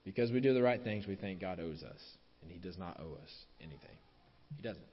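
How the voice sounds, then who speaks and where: A man delivers a sermon in a low voice, driving his points home by repeating them. The recording sounds dull and lo-fi, with a long reverb trailing off through a large hall. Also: expressive, fairly quick, slight background noise. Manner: repeats key phrases for emphasis, drops softer on closing lines. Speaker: preacher.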